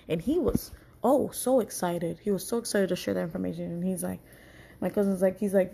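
A young woman tells a long story in a casual, animated way. Her voice is husky and gravelly, and her profane storytelling runs quickly. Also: medium pitch.

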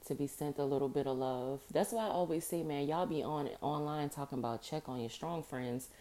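A woman hosting a podcast alone, talking casually and informally with a rough morning voice, repeating phrases for emphasis. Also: sits low, brisk, mellow. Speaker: podcast host. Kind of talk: casual solo podcast monologue.

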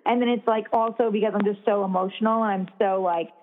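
A young woman talks in a loose, rambling way, packing her sentences with "like" and the odd swear word. Her voice sits at an ordinary middle pitch. The sound is narrow and thin, as if heard over a phone. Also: fairly even intonation, fast. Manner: rambling, full of "like", swears freely. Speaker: podcast co-host, new mother. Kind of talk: casual chat.

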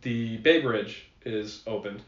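A man's voice: fairly low pitch, takes it slowly, far from the mic. A man telling transit history on a casual podcast, rambling with fillers and the odd swear. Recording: echoey room, slightly dull sound.

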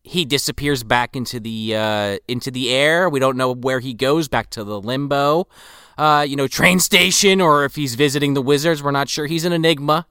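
A man's voice: medium pitch, moderate pace, pushed and bright, smooth, no echo, studio quality. A man co-hosting a podcast, riffing on a film with sardonic, profane humor. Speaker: podcast co-host. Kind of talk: casual movie recap chat.

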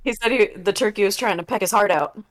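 A woman's voice: medium pitch, fast, no echo. A woman co-hosting a podcast, chiming in with playful, amused remarks. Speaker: podcast co-host. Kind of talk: casual chat.

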